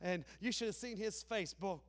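A man with an Appalachian accent preaching a sermon in a folksy, joking way, swinging between loud preaching and low asides. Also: moderate pace. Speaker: pastor.

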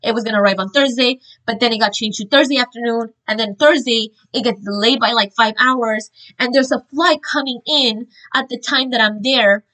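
A woman earnestly sharing a religious testimony, telling her story in an animated, informal way with frequent fillers and restarts. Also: on the high side, moderate pace, hardly any pauses, poor audio.

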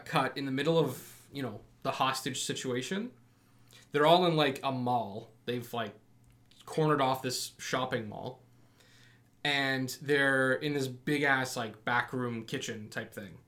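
Young male podcast co-host, animated storyteller, mid pitch, casual. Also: a little slow. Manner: animated storyteller, acts out quotes, laughs often. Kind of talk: casual chat.

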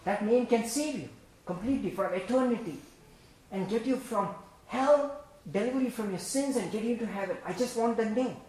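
A man preaches a sermon with a fairly high voice that swings from loud, emphatic bursts to quiet, low asides, laughing now and then. The sound is heavily echoey, as in a large church hall. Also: moderate pace.

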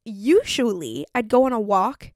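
A woman's voice: medium pitch, very animated, measured pace, a little mellow, dry recording, clean studio sound. A young woman hosting her own solo podcast, talking casually and filling her speech with "like" as she acts out her own thoughts. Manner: chatty, lots of "like" fillers, acts out her own inner voice. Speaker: podcast host.

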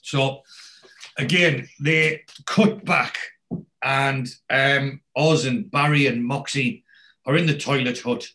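A man's voice: medium pitch, steady tone, slow pace, bright, forceful tone, slight background noise. A man casually retelling a TV episode as a podcast host, rambling with many restarts and fillers.

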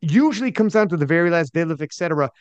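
Higher-voiced animated male podcast host. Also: rapid-fire, no echo. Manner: animated, slangy, mimics people he talks about. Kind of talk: casual podcast chat.

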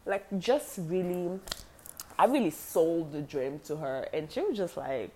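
A woman in her twenties casually telling a personal story, animated and slangy, acting out the dialogue. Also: fairly low pitch, a little slow.

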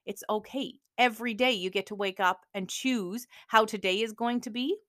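A woman hosting a motivational podcast, talking in an energetic, emphatic coaching manner. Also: fairly high pitch, normal speed, dry recording, clean studio sound. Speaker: podcast host.

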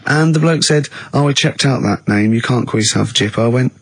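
Husky English man, 40s, radio host. Bumbling anecdotes, dry studio sound. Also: a little fast, few pauses, dry recording. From England. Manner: bumbling storyteller, breaks into high laughs. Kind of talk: casual radio banter.

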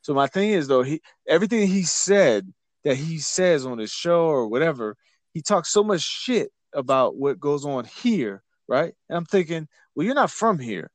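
A man's voice: fairly high pitch, animated, normal speed, no room sound. A man co-hosting a podcast, talking bluntly and profanely in casual chat. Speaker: podcast co-host.

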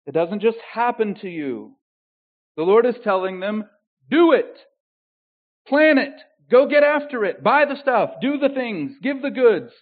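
High-voiced preaching man, tinny sound. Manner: swings between loud emphatic declarations and quiet intimate asides. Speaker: pastor. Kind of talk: sermon.

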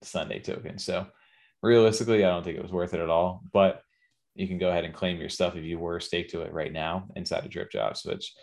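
A man's voice: low-pitched, steady tone, a little fast, vocal fry, a little mellow. A man co-hosting a casual late-night podcast, laid-back and slangy, sounding tired. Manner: laid-back slangy talk, frequent "yo" and "dude". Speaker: podcast co-host.

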